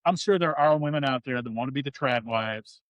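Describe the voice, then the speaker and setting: A man's voice: mid-range voice, fairly quick, a bit bright, no room sound. A man co-hosting a casual podcast chat, blunt and emphatic, with lots of swearing. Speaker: podcast co-host.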